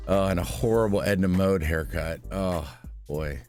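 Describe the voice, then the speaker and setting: A man's voice: sits low, normal speed, a little mellow, soft background music. A man giving sarcastic, scornful reaction commentary, rambling and restarting as he mocks.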